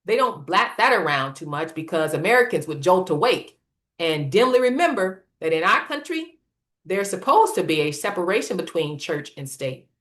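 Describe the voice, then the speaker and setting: A woman presenting a scripted political lecture in a measured, emphatic reading style. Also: on the low side, big pitch swings, a bit bright. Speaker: series presenter.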